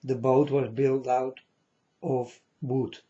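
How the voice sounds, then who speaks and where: A self-styled prophet delivers a religious monologue to viewers, speaking slowly and solemnly in a level tone. He is halting, repeats phrases, and sometimes grows loud, all on a muffled, low-fidelity recording.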